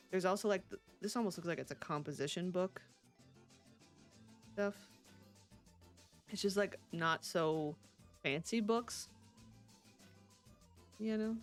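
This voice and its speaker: A woman streaming a life-sim game, chatting casually and laughing often as she answers her chat. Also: medium pitch. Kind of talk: casual live-stream chat while playing.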